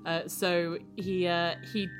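A woman's voice: fairly low pitch, level tone, slow, music in the background. A woman running a tabletop game as game master, narrating a scene with many hesitant ums and uhs.

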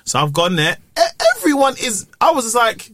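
A man's voice: extremely high pitch, brisk, no room sound. A British man, a comedian, telling stories in a casual chat, full of slang and acted-out quotes. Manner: slangy, animated, acts out quotes. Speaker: comedian guest. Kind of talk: casual podcast chat, storytelling.

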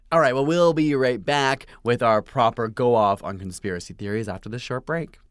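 A man's voice: medium pitch, normal speed, clear, resonant tone, dry recording. A man co-hosting a podcast, telling stories energetically with many fillers, recorded close on a studio mic. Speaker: podcast co-host. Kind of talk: casual podcast chat.

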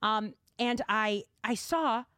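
A young woman hosts a podcast in a chatty, giggly way, peppering every thought with "like". Her voice sits a bit high, and the sound is dry and close with little room. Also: takes it slowly, sharp tone, no room sound. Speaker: podcast host. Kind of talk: casual chat.

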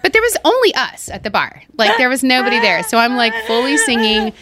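A woman's voice: on the high side, sing-song, brisk, a loud crowd. A woman co-hosting a podcast in casual chat, telling a story and bursting into sung lines. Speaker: podcast co-host.

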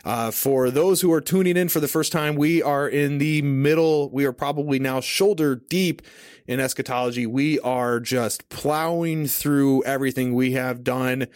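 A man hosting a casual teaching podcast, talking in a relaxed, conversational way with many fillers, at a studio mic on a stand. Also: medium pitch, normal speed, no room sound. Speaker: podcast host. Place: home studio at a desk.

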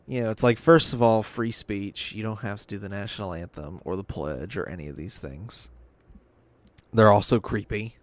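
A man's voice: fairly low pitch, normal speed, pauses often, no echo. A man hosting a podcast, ranting in a loose, sarcastic way with a lot of swearing and filler words. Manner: sarcastic, rambling, swears often. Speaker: podcast host. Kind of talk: casual political rant. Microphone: webcam and desk mic.

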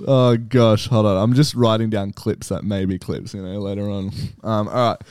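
A man's voice: lowish voice, fairly even intonation, moderate pace, darkish tone, clear, resonant tone, no echo. A young man co-hosting a casual podcast, jokey and loose, often laughing and swearing. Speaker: podcast co-host. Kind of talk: casual chat.

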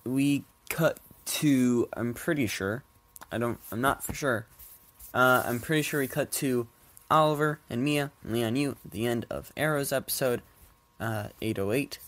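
Slow-talking man with a stuffy nose. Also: mid-range voice. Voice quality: congested, nasal. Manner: rambling, laughs often, swears offhandedly. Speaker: podcast host. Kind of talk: solo casual podcast talk. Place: at home with his cats.

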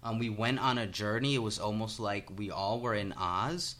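A man's voice: lowish voice, normal speed, fairly bright tone. A man guesting on a comedy podcast as an improviser, earnest and hesitant, with frequent fillers. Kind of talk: casual comedy podcast chat.

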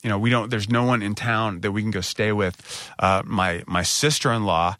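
Middle-aged guy telling a story, self-mocking, voice jumps way up when he acts stuff out, lowish and punchy. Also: fairly even intonation, normal speed, a bit bright, dry recording, studio quality. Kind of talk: casual anecdote telling.

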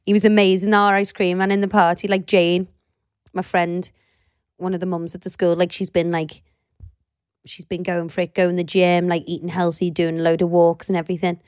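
A woman's voice: normal speed, no room sound, clean studio sound. A woman, co-hosting a casual podcast chat and acting out family stories. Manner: animated storyteller, acts out high squealing quotes. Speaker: podcast co-host.

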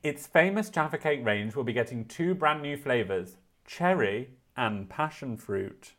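A man's voice: mid-range voice, lively intonation, a little slow, fairly bright tone. Chatty man reading news with wry asides. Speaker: podcast co-host. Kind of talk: casual chat and reading news aloud.

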